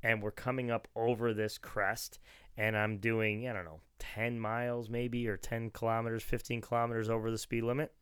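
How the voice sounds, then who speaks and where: Middle-aged male storyteller, smooth resonant voice, dry close sound, rambling and chatty. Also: medium pitch, little pitch movement, moderate pace, fairly bright tone, no room sound. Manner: rambling anecdotal storytelling with frequent restarts and laughs. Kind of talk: casual chat.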